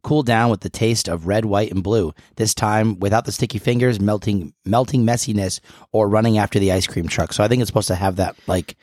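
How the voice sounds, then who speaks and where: A man's voice: lowish voice, brisk, a little mellow, no echo, studio quality. A man co-hosting a podcast, chatting casually in a rambling, jokey way with a frog in his throat. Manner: rambling, jokey, lots of fillers. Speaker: podcast co-host.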